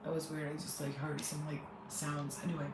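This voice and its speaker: A woman's voice: low-pitched, flat delivery, a little fast. A middle-aged woman, a spiritual healer, talking to viewers on a live stream while crying, rambling and emotional. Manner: tearful, rambling, talks straight to viewers. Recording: echoey room, faint background noise.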